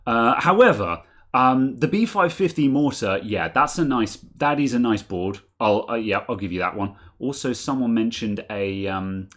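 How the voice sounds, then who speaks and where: On a video call, a male tech podcast co-host reads out super chats during a casual stream. His mid-range voice is expressive and fairly bright, moving at normal speed with hardly a pause. He rambles, corrects himself, and chuckles often.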